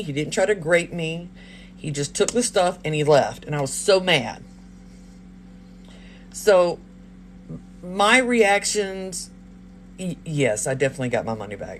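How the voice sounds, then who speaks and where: Animated storyteller in a moving vehicle. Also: medium pitch, slight background noise. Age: adult, parent of a child. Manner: animated, laughs often, acts out quoted lines. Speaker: livestreamer. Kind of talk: casual storytelling to a live audience.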